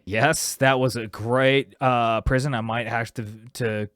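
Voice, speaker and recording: A man co-hosting a podcast in a studio, chatting in a relaxed, joking way. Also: mid-range voice, a little slow, no room sound. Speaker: podcast co-host. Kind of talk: casual chat.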